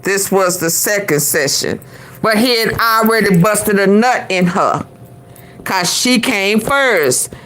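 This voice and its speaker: A woman's voice: mid-range voice, lively intonation, slow pace, a bit bright, a little hiss or hum, rough recording. A woman hosting a vlog, giving blunt, profane commentary over a played clip. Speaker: host. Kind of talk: casual commentary.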